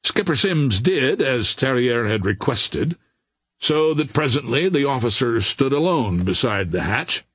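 A man reading an adventure novel aloud in a measured, unhurried storytelling manner. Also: medium pitch, sing-song, fairly bright tone, breathy edge, no echo. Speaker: audiobook narrator.

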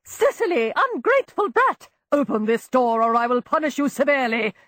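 A woman voicing a shrill, commanding aristocratic aunt in an audiobook. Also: big pitch swings, moderate pace, fairly bright tone, no echo. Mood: furious. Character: shrill, imperious aristocratic aunts.

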